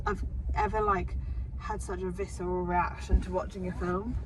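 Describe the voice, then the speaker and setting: A woman's voice: lowish voice, flat delivery, normal speed. A young woman vlogging from her car, rambling chattily and swearing casually. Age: young adult. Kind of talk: casual vlog chat. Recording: noisy car interior. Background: car and road noise.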